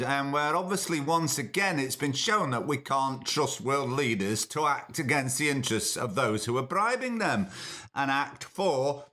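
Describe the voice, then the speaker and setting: A man's voice: on the high side, bright, forceful tone. A man hosting a podcast, delivering a sarcastic, mocking comedic rant. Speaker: podcast host. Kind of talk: comedic ranting monologue.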